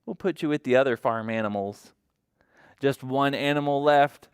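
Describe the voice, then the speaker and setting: A man leading a toddler story time at a library, reading a picture book aloud and doing animal sounds in a sing-song manner that drops to hushed tones and leaps to bright exclamations. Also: medium pitch, normal speed, smooth, no room sound, studio quality. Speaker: children's librarian.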